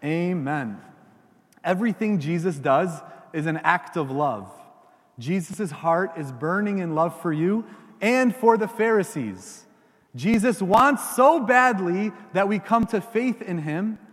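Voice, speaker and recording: A male preacher giving a homily to children and parents in a church, animated and often asking the congregation questions. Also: high voice, slow, long reverb tail.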